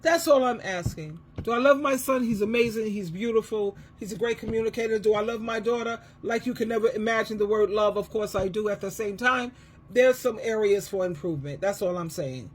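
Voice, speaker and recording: A middle-aged woman, an advice coach and Christian counselor, talking in an emotional monologue, emphatic and repetitive, swinging from loud to soft. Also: mid-range voice, brisk, a little hiss or hum.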